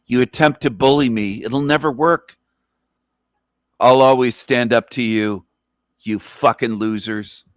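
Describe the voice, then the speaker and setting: A man's voice: medium pitch, steady tone, unhurried, pauses often, no echo, clean studio sound. A man hosting a ranting commentary, scornful and insulting, repeating his phrases over and over. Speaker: channel host reacting to a clip.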